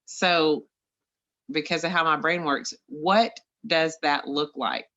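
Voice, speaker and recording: A woman's voice: low voice, fairly even intonation, slow, a bit bright. A woman on a group call, chatting playfully, laughing and asking questions with many fillers. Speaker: caller. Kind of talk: casual group call talk. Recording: dull lo-fi call audio.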